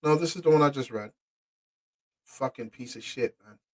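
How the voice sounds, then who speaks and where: Speaking at normal speed with a medium-pitched voice, a male podcast host reads from court documents and reacts with profane indignation. He stumbles verbally and swings between mumbled remarks and loud outbursts.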